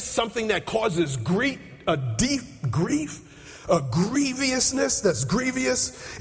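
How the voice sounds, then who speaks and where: A man preaching a sermon as pastor, repeating his phrases and building up to shouts. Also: high voice, husky. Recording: echoey hall with long reverb.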